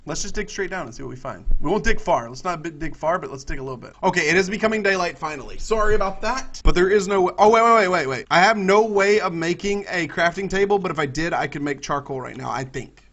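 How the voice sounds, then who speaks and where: A man with a Southern US accent, giving excitable let's-play commentary and talking both to himself and to his viewers. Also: sits high, highs cut off. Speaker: gaming YouTuber.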